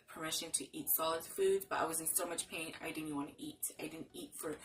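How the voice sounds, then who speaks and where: A young woman talks straight to the camera in a casual storytelling vlog, her voice sitting a little low. She keeps it chatty and retells scenes by slipping into the lines people said to her. Soft music runs quietly underneath. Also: far from the mic, poor audio. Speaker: vlogger.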